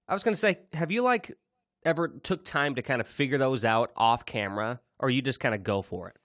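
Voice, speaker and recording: A man's voice: medium pitch, animated, a little fast, fairly bright tone, no room sound, studio quality. A man co-hosting a casual podcast, talking in a loose, rambling way. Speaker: podcast co-host and YouTuber.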